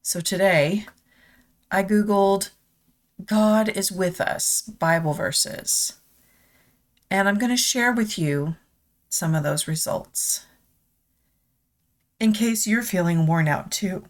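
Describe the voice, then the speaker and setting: A woman hosting a devotional podcast, speaking in a tender, confessional way and reading scripture aloud. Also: medium pitch. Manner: slow, tender and confessional, near tears.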